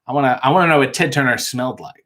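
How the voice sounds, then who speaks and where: A male host reading out live chat comments and answering them with wry, deadpan jokes in a casual live-stream chat. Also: mid-range voice, racing.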